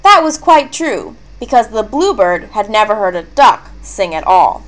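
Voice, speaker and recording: A woman reads a children's story aloud at an unhurried pace. Her voice sits a little high and moves expressively. She keeps it clear and careful for young listeners. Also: sing-song, a bit bright. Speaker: narrator.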